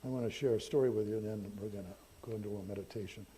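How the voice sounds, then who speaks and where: Older man, pastor, chatty sermon storyteller with a breathy, mellow voice. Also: lowish voice, fairly even intonation. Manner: conversational, self-deprecating, halting restarts. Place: church sanctuary.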